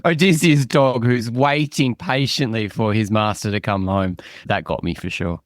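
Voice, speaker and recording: A man co-hosting a podcast, giving measured, agreeable reactions in a casual film chat. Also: lowish voice, no room sound, clean studio sound. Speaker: podcast co-host.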